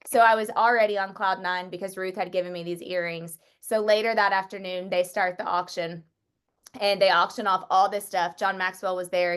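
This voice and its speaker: A woman's voice: lowish voice, clean tone. Chatty woman telling a story to a group. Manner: chatty, full of "like" fillers, excitable. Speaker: Bible study speaker.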